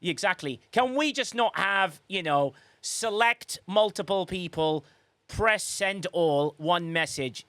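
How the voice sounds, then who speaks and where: A man with a somewhat high voice hosts a relaxed livestream podcast and reads viewers' comments aloud. He rambles and restarts himself, with teasing sarcasm. The sound is close and dry, with no room echo. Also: slow pace. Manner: chatty, rambling, with frequent restarts and sarcastic asides. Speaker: podcast host. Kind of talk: casual livestream chat reading viewer comments.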